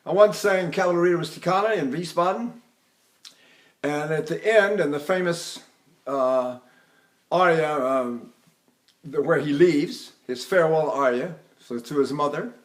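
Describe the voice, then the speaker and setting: An older man leads a singing lesson in a high, bright speaking voice. He explains technique and keeps breaking into sung syllables and short phrases to show what he means. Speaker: voice teacher. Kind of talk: vocal technique lecture with sung demonstrations.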